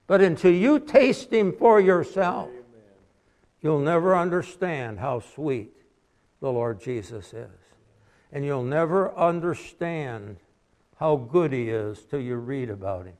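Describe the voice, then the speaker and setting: A man's voice: a little high, animated, slow pace, darkish tone. Folksy man preaching a sermon. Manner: folksy, conversational preaching with anecdotes. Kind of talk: sermon with storytelling.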